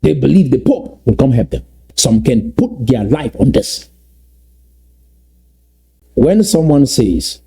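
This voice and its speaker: A man from Southern Cameroons, giving an emphatic motivational address that repeats and slowly stresses key phrases. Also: medium pitch, animated, mellow, husky. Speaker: activist speaker.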